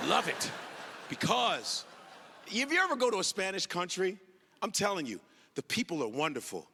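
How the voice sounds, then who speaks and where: A high-pitched, wildly lively male comedian works a club stage, jumping into voices and shouting punchlines. The live recording carries clear crowd and room noise behind him. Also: moderate pace, long pauses. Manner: animated, acts out characters with big shouted outbursts. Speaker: stand-up comedian. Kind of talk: stand-up comedy set.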